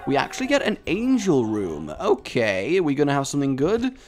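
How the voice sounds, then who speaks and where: A man's voice: huge pitch swings, fairly quick. A man giving sarcastic, self-mocking commentary over a game he is playing. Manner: sarcastic and self-mocking, jumping into high squeaky bits. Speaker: gaming commentator. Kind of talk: let's-play commentary.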